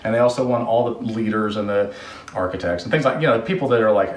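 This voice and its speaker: A man's voice: on the low side, fast. A man hosting a casual do-it-yourself vlog, telling stories in a chatty, rambling, joking way. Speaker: host, contractor. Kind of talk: casual DIY vlog with storytelling. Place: house under renovation. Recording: roomy sound from off-mic.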